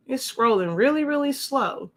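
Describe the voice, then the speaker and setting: Bright-voiced chatty woman demonstrating crafts. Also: sits high, lively intonation, normal speed. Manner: chatty, rambling with restarts. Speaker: crafting show host. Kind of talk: casual demonstration walkthrough.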